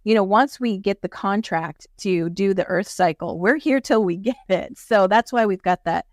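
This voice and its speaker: A woman's voice: medium pitch, moderate pace, no room sound, clean studio sound. A woman speaking as an interview guest, earnest and explanatory as she talks through spiritual ideas. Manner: earnest, explanatory, acts out quoted voices. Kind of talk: casual interview chat.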